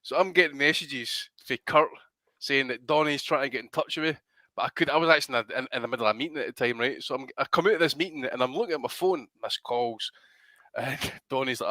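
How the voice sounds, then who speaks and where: A man, a podcast co-host telling an animated, profane story in casual chat. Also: mid-range voice, quick pace, no room sound.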